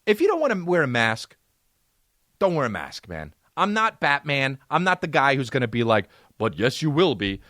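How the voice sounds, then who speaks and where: A man's voice: a little high, wildly swooping pitch, normal speed, pushed and bright, dry recording, clean studio sound. A man hosting a comedy podcast, ranting in a profane, sarcastic way. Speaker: podcast host.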